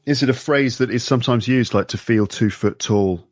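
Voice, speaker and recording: Man, podcast co-host, curious, casual chat, mid pitch, dry sound. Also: moderate pace, dry recording. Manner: curious, asks questions and sums up points. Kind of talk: casual conversational discussion.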